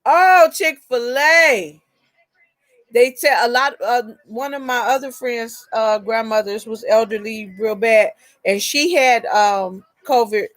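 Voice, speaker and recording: A woman rambling through a personal story on a casual live chat, breaking off to greet viewers by name. Her voice sits a bit high, and the recording is dry and close. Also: unhurried, few pauses, no echo.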